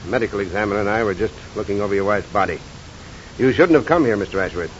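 An actor playing a tough veteran police lieutenant in an old radio drama, brisk, wry and commanding. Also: male voice, fairly low pitch, natural voice. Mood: wry firm. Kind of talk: 1940s radio acting. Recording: dull old radio recording with hiss.

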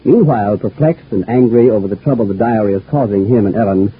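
A male announcer narrates a radio serial in a smooth, formal way. His voice is rough and husky. The sound comes through thin and tinny, like an old broadcast. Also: lowish voice, fast.

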